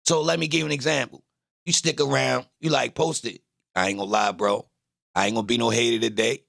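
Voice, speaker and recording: Gravelly Baltimore man, boastful. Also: mid-range voice, fairly even intonation, a little fast, fairly bright tone, no room sound, studio quality. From Baltimore, Maryland. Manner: boastful, trash-talking with the chat. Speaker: livestream host. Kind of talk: casual livestream chat.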